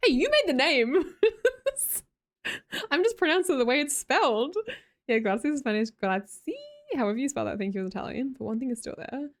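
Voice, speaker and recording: A woman's voice: high-pitched, animated, moderate pace. A young Australian woman live streamer chatting casually with her viewers, reading their messages aloud, laughing often and swearing freely.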